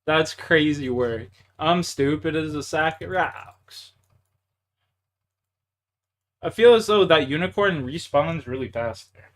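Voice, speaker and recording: A man's voice: fairly high pitch, unhurried. A young man from Canada, streaming a game live, chatting casually with viewers, laughing often, swearing and mocking himself, muttering to himself as he plays. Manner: laughs a lot, swears, self-mocking, calls viewers bro and dude; mutters to himself while playing. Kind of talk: casual live-stream chat while gaming.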